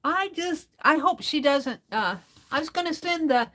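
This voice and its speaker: A woman's voice: high-pitched, expressive, moderate pace, a bit bright. A woman hosting a crafting livestream, chatting casually and reading viewer comments aloud as she works.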